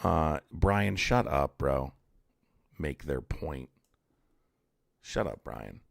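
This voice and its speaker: Gravelly, combative deep-voiced man. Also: animated, drawn-out words, no room sound, clean studio sound. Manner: blunt, profane, combative, reads chat aloud. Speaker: streamer debating callers. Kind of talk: heated live-stream debate.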